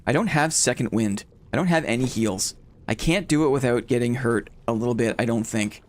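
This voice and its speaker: A man calling out a live game stream in a loose, chatty voice at a middling pitch. He thinks out loud to his viewers, repeats short phrases and turns jumpy and excited when a fight goes wrong, with a faint hiss of noise behind him. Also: fairly quick. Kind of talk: live gameplay commentary.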